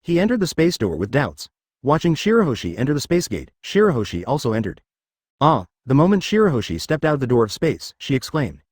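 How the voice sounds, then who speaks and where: A man's synthetic voice narrating a fan fiction story in a steady machine read. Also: medium pitch, fast talker, no echo, studio quality.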